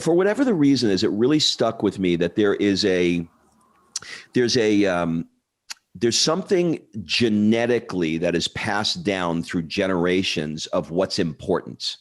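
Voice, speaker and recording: A deep-voiced man hosting a relaxed interview. His voice sits low but leaps upward when he gets into a story. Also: unhurried. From United States. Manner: animated storyteller, sudden jumps up in pitch. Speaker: podcast host. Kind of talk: casual interview.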